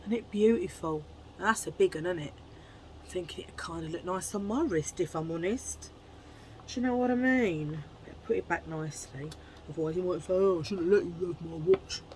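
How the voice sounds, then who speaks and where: A woman chatting casually to camera at home in a chummy way, full of quick asides. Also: on the low side, slight background noise, rough recording. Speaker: haul vlogger.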